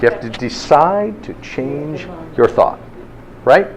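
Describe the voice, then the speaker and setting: A man's voice: a little high, expressive, slow, a little hiss or hum. A man teaching a health class in an informal, interactive way, often checking in with "okay?". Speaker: health instructor.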